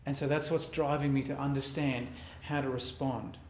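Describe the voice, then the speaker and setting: Pastor preaching in an echoey room. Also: male voice, mid-range voice, fairly even intonation. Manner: reflective, conversational preaching with pauses. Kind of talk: sermon.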